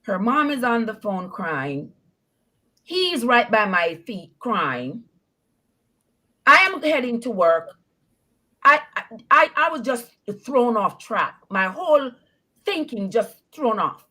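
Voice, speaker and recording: A woman tells her own story on a live call-in show, her voice swinging widely in pitch. She is animated and acts out what others said. She laughs often as she talks. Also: takes it slowly. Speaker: caller.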